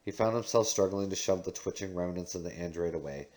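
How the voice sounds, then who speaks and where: A man's voice: low-pitched, quick pace, darkish tone. A man reading a novel aloud, doing the narration and dialogue in his own voice, with occasional slips and restarts. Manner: reads with small slips and restarts. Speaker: audiobook reader.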